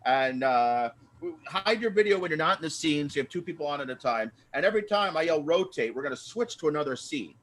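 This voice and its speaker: A man hosts a live improv show from home over a video call. His voice sits high and swings widely in pitch, and he rambles excitedly as he sets up each game. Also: fairly quick, few pauses. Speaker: improv host.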